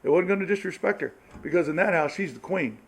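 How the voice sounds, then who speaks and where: A man's voice: high-pitched, animated, fast talker, rough recording. A middle-aged man speaking to a church marrieds group, telling folksy stories with laughs and acted-out quotes. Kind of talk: storytelling sermon talk.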